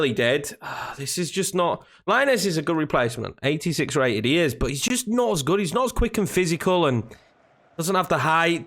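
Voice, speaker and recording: A young man talks through his football video game as he plays, chatty and easygoing, breaking into loud reactions when the action picks up. His voice sits a little higher than most men's. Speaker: gaming YouTuber. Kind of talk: casual live game commentary.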